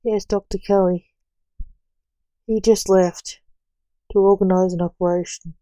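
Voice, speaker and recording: A woman's voice: medium pitch, steady tone, a little slow, mellow, no echo, lightly acted. A woman voicing a panicked, grieving father who pleads urgently.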